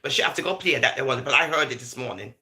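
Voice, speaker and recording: A woman giving lively, laughing commentary to viewers, slipping into patois as she goes. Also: a bass voice, fast. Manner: animated, laughing, patois-flavored gossip talk. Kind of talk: casual live commentary.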